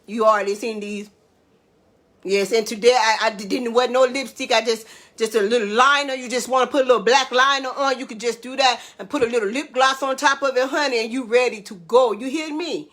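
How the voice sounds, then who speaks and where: High-voiced chatty woman cooking host. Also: fairly even intonation, brisk, fairly bright tone. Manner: chatty, playful, addresses viewers as babies and honey. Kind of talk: casual cooking vlog.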